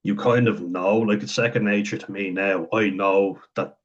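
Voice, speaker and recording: A man with a very deep voice talks through his thoughts in a loose, unscripted monologue. His tone is husky and a little breathy, and he chuckles often and pauses to think as he goes. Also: fairly even intonation, lo-fi sound. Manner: thinks aloud, frequent chuckles and ums. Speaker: vlogger talking about autism.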